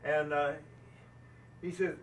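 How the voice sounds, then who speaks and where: A man's voice: fairly high pitch, level tone, slow. Older man, American accent, folksy storytelling, self-deprecating laughs, distant mic, faint room hum. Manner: folksy anecdotes, laughs at himself. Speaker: boat builder speaking at an owners' gathering. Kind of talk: storytelling talk to an audience. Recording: faint ambience, speaker off the mic.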